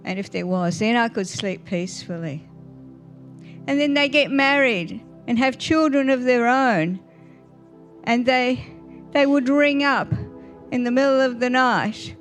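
Older woman, slow and gentle. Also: a little high, faint music behind. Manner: warm storytelling with little laughs, asks the audience questions. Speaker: guest speaker at church. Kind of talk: Mother's Day church talk.

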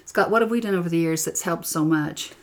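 A middle-aged woman with a notably low voice leads a scripture lesson. She reads in a gentle, earnest manner. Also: a little fast. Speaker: scripture teacher. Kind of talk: gospel lesson with scripture reading.

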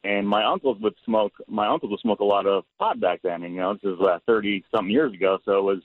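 A man's voice: fairly low pitch, expressive, quick pace, no echo. A man phones in to tell a family story, and he races through it and keeps stumbling over his own words. His voice comes through a thin, tinny phone line with no room sound at all. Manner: rambling, full of restarts. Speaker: caller.

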